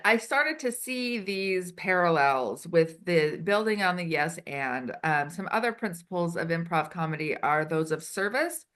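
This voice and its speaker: A woman consultant being interviewed, chatty and animated, acting out quoted lines as she explains. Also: lowish voice. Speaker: HR consultant and improv performer. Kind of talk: casual interview answers. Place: Switzerland.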